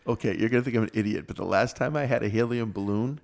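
A man co-hosting a podcast, telling stories about himself in an animated, self-mocking way. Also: fairly low pitch, quick pace, gravelly. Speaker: podcast co-host. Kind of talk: casual chat.

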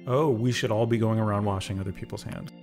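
A man co-hosting a podcast in a relaxed, chatty way. His voice has a gravelly edge, and he leans on easy fillers as he talks. Faint music plays under him. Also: lowish voice, fast. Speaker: podcast co-host. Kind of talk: casual chat.

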